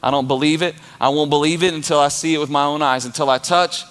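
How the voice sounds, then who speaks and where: A preacher doing a stubborn, doubting Thomas. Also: male voice, on the high side, fairly even intonation, fast, fairly bright tone, smooth, close to an everyday voice. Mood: skeptical. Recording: long church reverb with music.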